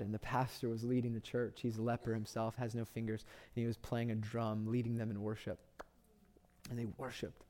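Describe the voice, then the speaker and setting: Male pastor, mid-pitched and mellow, preaching with passionate repetition. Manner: impassioned storytelling, repeats phrases for emphasis. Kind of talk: sermon.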